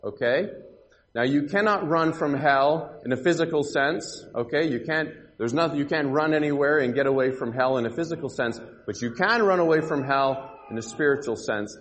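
Children's Bible teacher, male, coaxing and upbeat, slightly high voice, roomy hall echo, faint background noise. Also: moderate pace, a bit bright. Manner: upbeat, coaxing, directs kids with questions. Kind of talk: interactive children's Bible lesson. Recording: echoey hall with long reverb.

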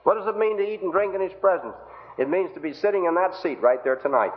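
A man's voice: high-pitched, animated, fast talker, slight background noise. A man preaching an evangelistic sermon, pleading earnestly with the congregation through rhetorical questions. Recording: tinny phone-like old recording.

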